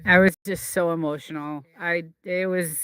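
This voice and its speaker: Casual streamer, rambling, emotional, lots of fillers and restarts, mid pitch. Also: fairly even intonation, moderate pace, a bit bright, clear, resonant tone, dry recording. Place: desert home, indoors.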